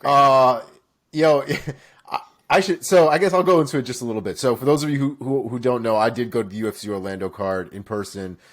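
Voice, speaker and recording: A man from Florida co-hosting a casual chat, telling stories with lively swearing. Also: medium pitch, a little fast. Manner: animated storytelling with swearing. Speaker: co-host.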